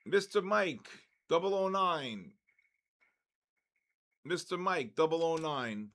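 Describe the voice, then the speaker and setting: An older man with a gravelly, creaky voice, running a live trading stream. He talks slowly and deliberately, sitting a little high for a man. His calls on market moves and viewers' names come out excitable and worn from talking. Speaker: trading livestream host.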